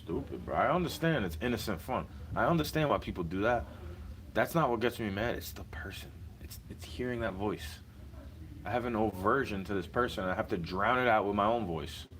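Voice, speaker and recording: A man's voice: on the low side, expressive, a little fast, a bit bright, slight background noise, rough recording. A young man ranting in a casual vlog, slangy and heated, repeating himself as he vents.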